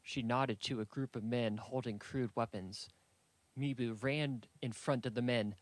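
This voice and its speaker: A man narrating a fantasy audiobook in a steady, measured storytelling manner. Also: medium pitch, no room sound.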